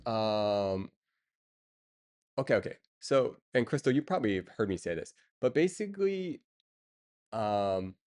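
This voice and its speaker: A man chats casually on a stream in a slightly low voice. He rambles with many fillers and breaks into chuckles now and then. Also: big pitch swings, a little slow, pauses often, a little mellow. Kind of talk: casual chat.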